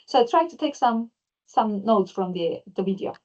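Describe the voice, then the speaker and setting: A woman's voice: medium pitch, animated, moderate pace, mellow, lo-fi sound. A woman teaching an online class who often repeats words and restarts.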